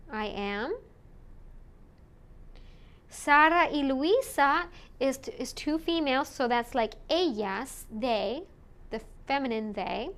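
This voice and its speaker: Slow, smooth-voiced woman teaching. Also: on the high side. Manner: slow and deliberate, models words for repetition. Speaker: Spanish teacher. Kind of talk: recorded language lesson.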